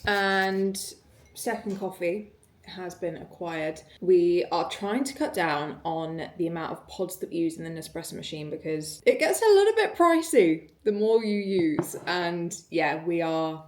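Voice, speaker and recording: A woman's voice: fairly low pitch, animated, unhurried, a little mellow. A young British woman, an online fitness coach, chatting casually and rambling in a day-in-the-life vlog, swearing now and then.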